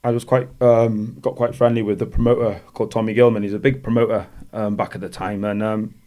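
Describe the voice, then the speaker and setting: A man's voice: on the low side, level tone, a little fast, warm tone. A man, a former boxer telling rambling stories as a podcast guest and laughing through them. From Wales. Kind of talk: casual storytelling in a podcast interview.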